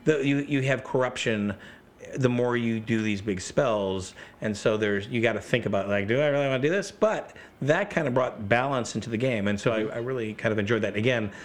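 A man's voice: mid-range voice, moderate pace. A middle-aged man chatting casually as a podcast guest, rambling through gaming stories and acting out quotes. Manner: rambling storyteller, acts out quotes. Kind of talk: casual chat.

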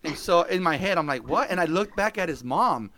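Animated storytelling man, sprinkled speech. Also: high voice, brisk. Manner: animated, swears, laughs often. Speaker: podcast host. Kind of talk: casual storytelling chat.

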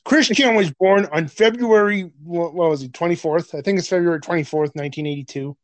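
A man's voice: on the high side, brisk, no room sound. A man co-hosting a podcast in casual chat, crude and joking, laughing often and stumbling over his words. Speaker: podcast co-host.

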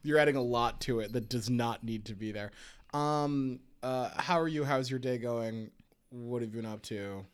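A man's voice: medium pitch, normal speed, clear, resonant tone. Laid-back man hosting a casual podcast. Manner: laughs often, rambling with many fillers. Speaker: podcast host. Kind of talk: casual chat. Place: home room with cats. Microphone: podcast mic at a mixer.

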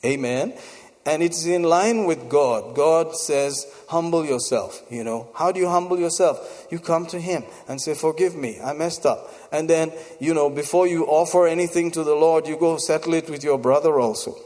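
A man's voice: fairly high pitch, normal speed, a little mellow. A man preaching a sermon, repeating phrases for emphasis and breaking into exclamations of praise between points. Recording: long hall reverb.

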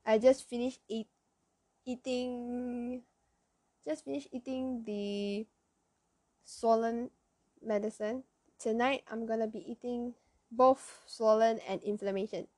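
Teen girl, Malaysian Chinese accent, podcast host, slow and halting, giggly, dry close mic. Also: on the high side, steady tone, mellow, no echo. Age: teens. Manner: halting, searches for words, giggly. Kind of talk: casual solo podcast.

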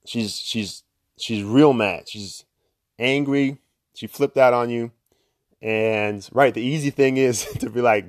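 A young man hosts a podcast, giving a casual motivational monologue on self-improvement in a slow, medium-pitched voice. He's conversational, full of fillers and "right?" tags, with short laughs between points. The audio is studio quality with no room sound.

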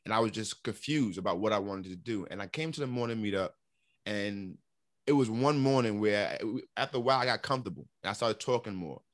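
A middle-aged man from New York telling his story in a casual interview, animated and repeating words as he acts out what others said. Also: on the low side, brisk, dry recording, studio quality. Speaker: interview guest.

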